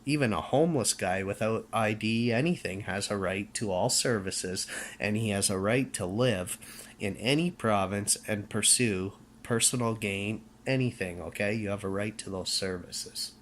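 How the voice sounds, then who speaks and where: A man's voice: lowish voice, normal speed, a bit bright, a little hiss or hum. A Canadian man ranting emphatically to camera in a preachy tone, often checking in with "okay?" and restarting his words. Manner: fiery, preachy. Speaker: vlogger. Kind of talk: casual rant to camera.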